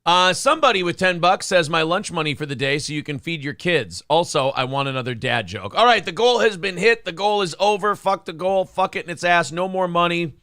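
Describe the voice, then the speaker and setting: Man, casual show host, lively swings in pitch, crude jokes, edgy bright tone. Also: fairly quick, hardly any pauses, no echo, studio quality. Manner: crude, joking, eats on air. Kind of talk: casual live-stream chat.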